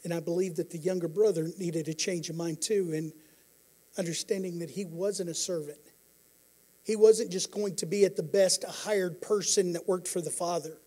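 High-voiced man preaching a sermon. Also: steady tone, moderate pace. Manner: earnest preaching, shifting from quiet to emphatic. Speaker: pastor.

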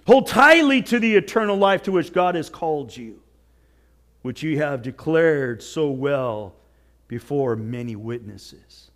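High, bright-voiced pastor, hushed to shouting. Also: male voice, expressive, measured pace. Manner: earnest and exhortative. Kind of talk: sermon.

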